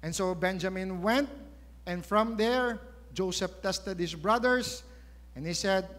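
High-voiced Filipino preacher in an echoey hall. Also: male voice, measured pace, a bit bright. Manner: storytelling, emphatic, rhetorical questions. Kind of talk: sermon.

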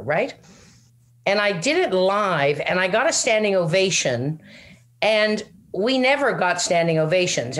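An older woman with a Newfoundland accent, a comedic actor chatting as an interview guest, rambling and self-deprecating. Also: lowish voice. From Newfoundland, Canada. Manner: rambling, self-deprecating, full of "you know what I mean". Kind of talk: casual interview chat.

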